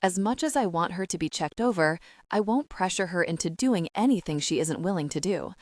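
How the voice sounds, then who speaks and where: Low-voiced woman narrating an audiobook. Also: no echo, clean studio sound. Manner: steady, intimate, measured reading. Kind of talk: scripted first-person narration.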